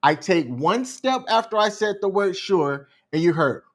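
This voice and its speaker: A man co-hosting a podcast, telling a story in a calm, measured, unhurried way. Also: high-pitched. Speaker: podcast co-host. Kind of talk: casual storytelling chat.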